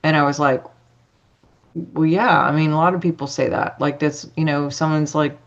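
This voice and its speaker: A woman's voice: low-pitched, steady tone, moderate pace, dull audio. A woman telling a personal story as a podcast guest, chatty, acting out dialogue with lots of fillers.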